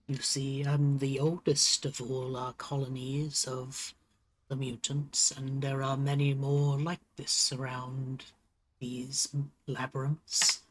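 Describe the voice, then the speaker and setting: A game master voicing an ancient, courteous male turtle mutant who leads the mutant colonies, speaking slowly and formally. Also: medium pitch, monotone, a little hiss or hum, lightly acted.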